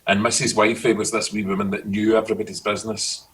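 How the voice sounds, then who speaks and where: A middle-aged Scottish man chatting casually, telling lively stories about his childhood. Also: fairly low pitch, fast talker, recorded from a distance, rough recording. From Scotland. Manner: storytelling, animated. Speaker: guest. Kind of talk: casual chat.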